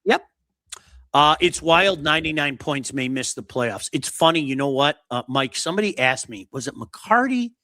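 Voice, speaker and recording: A man hosting a sports talk show, blunt and animated, reading out viewer comments and going over player stats. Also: on the high side, normal speed, dry recording, studio quality.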